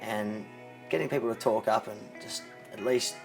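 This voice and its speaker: A young Australian man telling a personal story in an interview, halting and often dropping quiet. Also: fairly low pitch, fairly even intonation, creaky, faint music behind, poor audio. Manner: halting, many restarts, drops to quiet when moved. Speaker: interviewee, charity co-founder.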